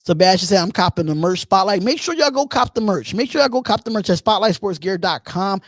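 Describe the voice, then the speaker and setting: A man from Philadelphia hosting a live call-in show, reading out chat questions and answering in an animated, repetitive way. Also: high voice, brisk, no echo, studio quality. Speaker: host.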